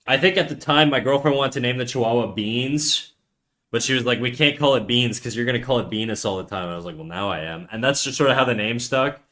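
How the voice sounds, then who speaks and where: A young man hosting a relaxed drawing stream, talking easily to chat between strokes. His voice sits at an ordinary middle pitch. It drops to near mumbles when he focuses on the page. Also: quick pace. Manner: relaxed, answers chat, trails off quietly while concentrating. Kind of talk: casual live-stream chat while drawing.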